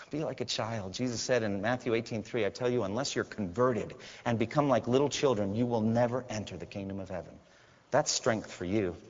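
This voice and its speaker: A male pastor preaching a sermon, swinging dramatically between loud cries and hushed, quiet lines. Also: on the low side. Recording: dull sound with long hall reverb.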